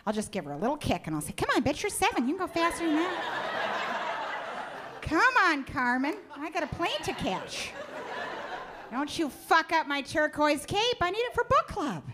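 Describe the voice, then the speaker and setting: A woman's voice: high-pitched, very animated, moderate pace, noisy background, pitched above the performer's own voice. A woman putting on a prim, patronizing mother. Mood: airy. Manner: sweetly patronizing, airy and breathless. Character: oblivious, pompous middle-aged mother, prim and condescending. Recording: live club with audience laughter.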